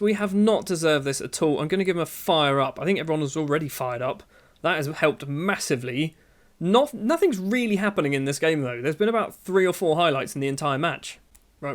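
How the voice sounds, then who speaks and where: A man giving casual, sarcastic commentary while playing a football management game, often exasperated with his players. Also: a little high. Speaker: gaming YouTuber.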